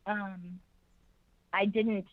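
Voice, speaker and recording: A woman's voice: medium pitch, little pitch movement, drawn-out words, dry recording. A woman guest in a casual interview, animatedly telling a personal story and acting out the people in it. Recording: dry muffled lo-fi sound.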